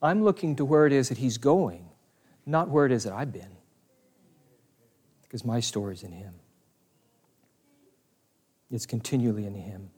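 A man preaching a sermon in an earnest, emphatic way, slowing down on key phrases and turning to the congregation with conversational asides. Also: mid-range voice, darkish tone, husky.

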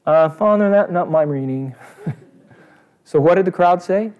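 A man preaching a sermon, animated, acting out voices from the story and swinging between loud outbursts and hushed asides. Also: high voice, measured pace, pauses often, crowd noise.

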